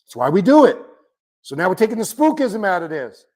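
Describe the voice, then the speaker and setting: A man's voice: high voice, a little fast. Fiery, profane man lecturing on occult. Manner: blunt, profane, animated ranting. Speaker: occult teacher. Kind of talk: impassioned lecture to camera.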